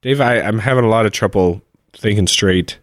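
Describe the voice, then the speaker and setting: Man, podcast co-host, casual chat, halting speech, dry close mic. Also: on the low side, no echo. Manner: animated, halting, repeats words. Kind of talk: casual chat reading listener mail.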